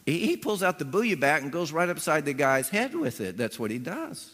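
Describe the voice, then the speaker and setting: Male preacher, lively storyteller who acts out scenes, bright forceful tone, big reverberant church sound. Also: fairly high pitch, normal speed. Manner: animated storytelling, acting out voices with punchy emphasis. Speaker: pastor. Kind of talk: sermon. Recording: long hall reverb.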